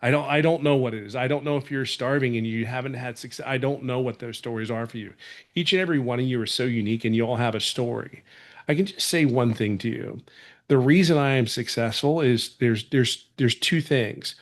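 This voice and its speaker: A man's voice: mid-range voice, a little fast. A man from California giving an earnest, rambling testimonial as a webinar guest, full of restarts.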